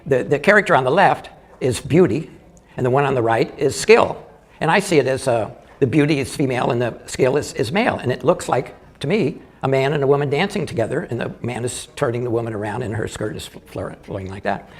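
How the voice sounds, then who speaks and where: An older man performs live stand-up, his medium-pitched voice stumbling through jokes with frequent restarts and little chuckles.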